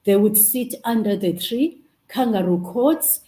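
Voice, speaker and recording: A woman's voice: mid-range voice, animated, a little slow, warm tone, reverberant, low-quality recording. A woman with a Xhosa accent hosting over a video call, giving an emphatic, preacher-like inspirational talk. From South Africa. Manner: emphatic, preacher-like, rising bursts. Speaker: host.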